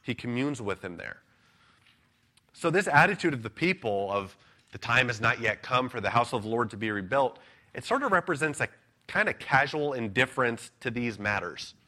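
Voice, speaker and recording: A man preaching an earnest, measured expository sermon, pausing now and then with an "uh". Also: medium pitch, sharp tone. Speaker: pastor.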